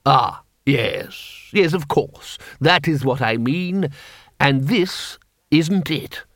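A man's voice: fairly high pitch, animated, very slow, fairly bright tone, no echo, clean studio sound, heavily acted. A man voicing a cool, cunning city ruler who speaks in precise, dryly ironic sentences.

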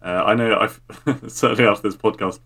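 A low-voiced man co-hosts a podcast in easygoing conversation. He talks hesitantly and leans on "uh" and "um" while he finds his words. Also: fairly quick, fairly bright tone, husky. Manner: hesitant, lots of "uh" and "um". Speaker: podcast co-host. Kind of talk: casual chat.

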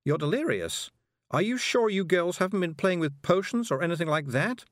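A man's voice: high voice, sing-song, normal speed, dry recording, clean studio sound, voice pushed up. A man reading aloud, voicing a fussy, kindly, busy middle-aged woman witch. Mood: concerned.

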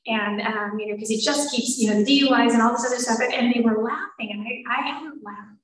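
A woman's voice: fairly high pitch, brisk, distant mic. Emotional woman telling her story in a roomy hall. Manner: emotional, quoting others in changing voices. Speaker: speaker sharing a recovery story. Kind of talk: personal testimony to an audience.

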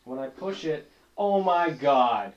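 A man's voice: on the high side, expressive, takes it slowly, dull audio. A man co-hosting a casual podcast who rambles through an amused story. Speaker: podcast co-host. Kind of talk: casual chat. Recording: echoey room with faint noise.

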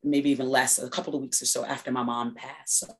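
A woman's voice: rumbling low, little pitch movement, fast talker. A woman from New York, a guest in a casual interview, talking in a reflective way with many restarts and fillers.

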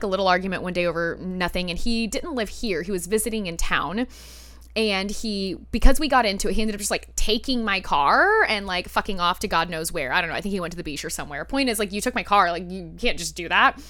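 A woman's voice: medium pitch, dry recording. Woman, podcast host, casual storytelling, candid, swears a lot, dry close sound. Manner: candid and animated, swears freely.

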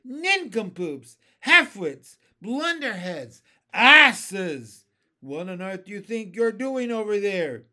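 A man voicing a loud, boastful male centipede who jeers and shouts insults in a storybook reading. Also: fairly high pitch, sing-song, a little slow, exaggerated voice. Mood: yelling. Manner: brash, jeering, shouting insults. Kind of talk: storybook read-aloud.

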